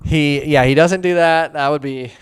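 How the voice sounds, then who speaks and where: A man's voice: fairly high pitch, fairly even intonation, moderate pace, clean tone, no room sound, studio quality. A young man co-hosting a podcast, chatting in a laid-back, rambling way with lots of fillers. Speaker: podcast co-host. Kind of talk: casual chat.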